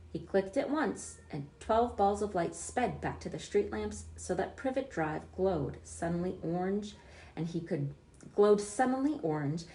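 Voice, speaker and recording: A woman reading a children's book aloud, expressive, with small slips she corrects. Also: lowish voice, echoey room. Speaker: storyteller.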